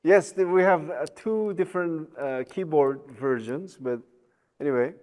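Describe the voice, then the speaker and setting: A man's voice: a little high, unhurried, a little mellow. A man giving a recorded university lecture, chatty, with joking asides, many fillers and tag questions.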